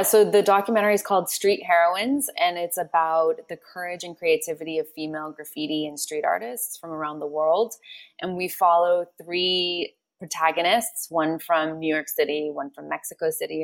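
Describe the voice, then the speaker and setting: A woman guest, an agency producer and filmmaker, talking in a lively way and laughing often on a podcast. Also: sits low, moderate pace, creaky. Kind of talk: casual podcast chat.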